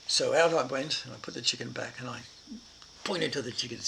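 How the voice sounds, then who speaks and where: An older man with an Irish Australian accent, from Ireland and Australia, tells a childhood story in a rambling, reflective way full of fillers. His mid-range voice is gravelly and fairly quick, with background noise behind it.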